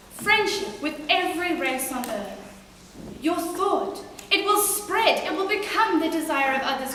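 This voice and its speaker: A teenage girl delivers a formal competition speech in an emphatic, rhetorical manner. Her voice is high and bright. A distant camera picks it up in a cavernous hall with long reverb and faint hiss. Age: late teens. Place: large hall at a marae. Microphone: far camera.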